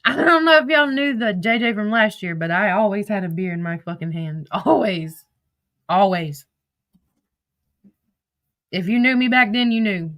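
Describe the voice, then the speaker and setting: A woman's voice: medium pitch, expressive, brisk, hardly any pauses, fairly bright tone. A woman with a Southern accent, chatting on a livestream, cursing freely and reading out text messages. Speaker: livestream host. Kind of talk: casual livestream storytelling.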